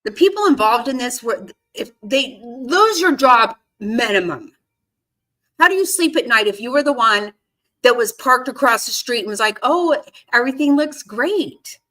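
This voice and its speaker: A woman's voice: fairly high pitch, expressive, moderate pace, pushed and bright. A woman giving casual reaction commentary on a court case, indignant and swearing freely as she talks back at the screen. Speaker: true-crime commentary host.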